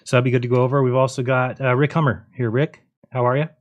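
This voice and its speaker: A man's voice: medium pitch, little pitch movement, fast talker, lo-fi sound. A man hosting a memorial livestream, speaking in a subdued, hesitant way while sorting out guests and tech. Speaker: show host.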